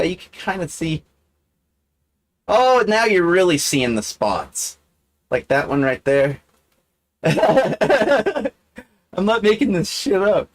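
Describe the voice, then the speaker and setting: Slow, rambling, swooping-voiced man. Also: a little hiss or hum. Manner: profane, self-mocking, wandering talk; wide sudden pitch swings. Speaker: livestream host. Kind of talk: rambling casual monologue.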